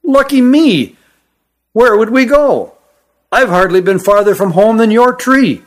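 A man voicing a young lad, high and incredulous. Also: expressive, measured pace. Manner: eager, incredulous questioning. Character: young male creature lad, smaller and younger, startled, questioning. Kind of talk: audiobook character voice.

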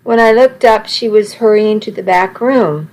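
A woman's voice: mid-range voice, moderate pace, a little mellow, low-quality recording. A woman reading a first-person story aloud, with small slips and restarts as she goes. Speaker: narrator.

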